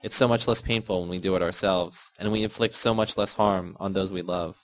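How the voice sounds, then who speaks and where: A man's voice: low voice, fairly even intonation, fairly quick, lightly acted. A man voicing a bitter, cold woman. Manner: grumbling, cutting. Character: bitter, sullen grown woman, cold and cutting.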